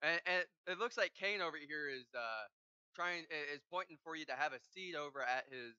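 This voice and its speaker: A man narrating as game master at a tabletop game, relaxed with many fillers. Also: a little high, fairly quick, smooth, no room sound, highs cut off.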